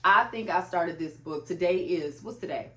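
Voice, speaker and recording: Young woman vlogging about books, low voice, says like a lot, roomy echo. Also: normal speed, a bit bright. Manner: chatty, full of "like" fillers. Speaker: book vlogger. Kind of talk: casual chat. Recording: echoey room.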